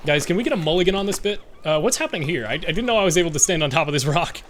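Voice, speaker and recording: Male streamer, slightly high voice, rambling, self-mocking commentary. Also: sing-song, very fast, slight background noise. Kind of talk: casual gameplay commentary.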